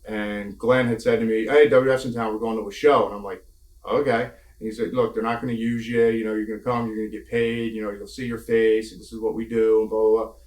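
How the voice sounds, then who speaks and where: Low-voiced man telling wrestling stories. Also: level tone, fast, a little mellow. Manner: candid, laughing storyteller with mild swearing. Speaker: former wrestler interviewee. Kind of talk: casual storytelling interview. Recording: echoey room.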